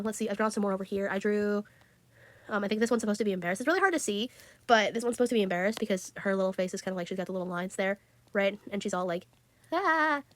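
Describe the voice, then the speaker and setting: A woman's voice: medium pitch, no echo. A teenage girl chatting casually about her drawings, giggly and full of fillers. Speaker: art vlogger. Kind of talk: casual chat.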